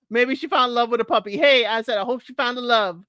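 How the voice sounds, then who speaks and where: She's a livestream host recapping a dating show, laughing frequently, greeting chat viewers, and driving her opinions home through repetition in a casual, talkative style. Her voice is fairly high and a bit bright, and she keeps a moderate pace. The studio audio is clean, with no room sound.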